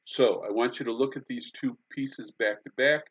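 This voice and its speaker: A man teaching a recorded conducting lesson, talking in a halting way with many fillers and humming out the beats. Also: medium pitch, fairly even intonation, fairly bright tone. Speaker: music instructor. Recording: dull lo-fi lecture recording.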